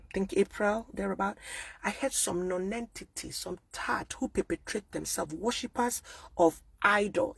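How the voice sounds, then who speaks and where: A woman with a Nigerian accent from Akwa Ibom, speaking out in an emphatic personal monologue that swings between loud outbursts and hushed, repeated oaths. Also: on the low side, vocal fry, breathy edge, no room sound. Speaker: vlogger speaking out.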